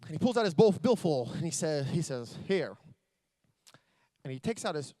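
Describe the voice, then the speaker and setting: Male keynote speaker, high-pitched and excitable, dry close mic, storytelling that ramps up to big energy. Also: moderate pace, dry recording. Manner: builds to loud excited storytelling. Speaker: motivational speaker. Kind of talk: motivational keynote speech. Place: convention stage.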